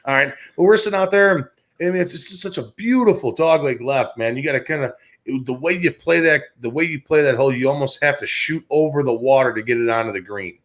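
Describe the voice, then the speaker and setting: Talking a little fast in a mid-range voice, this sports talk show host from around Chicago, a man in his thirties, spins meandering, foul-mouthed stories in a relaxed podcast manner. He does the other characters' voices himself.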